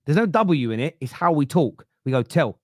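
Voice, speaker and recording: On his football podcast, this Southern English host argues a case step by step in relaxed chat, frequently starting sentences over as he thinks aloud. His voice is on the high side with big pitch swings and a brisk pace, recorded dry at studio quality.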